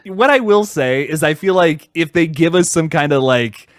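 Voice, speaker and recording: Lively, high-voiced man in casual chat. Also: no room sound, clean studio sound. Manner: animated, swearing, quick restarts. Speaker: channel host. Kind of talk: casual movie review chat.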